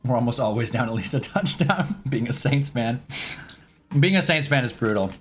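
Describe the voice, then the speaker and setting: A man's voice: mid-range voice, expressive, moderate pace, faint music behind. A man hosting a casual live sports stream at his own desk mic, loose and chatty, swearing now and then and talking to his chat.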